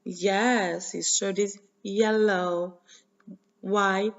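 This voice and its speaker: Woman, Haitian accent, teacher, children's phonics lesson, sing-song call-and-response, slow pace, muffled lo-fi sound. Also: medium pitch, fairly even intonation.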